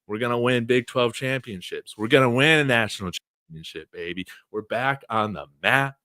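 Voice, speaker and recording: A man hosting a college football fan livestream, talking in an excited, brash, trash-talking way. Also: medium pitch, normal speed, dry recording, studio quality.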